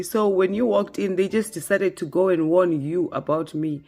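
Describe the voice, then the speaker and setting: Animated young woman telling a story. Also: fairly low pitch, normal speed, faint music behind. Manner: animated, laughs often, acts out dialogue. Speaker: storytime vlogger. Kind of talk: casual storytime monologue.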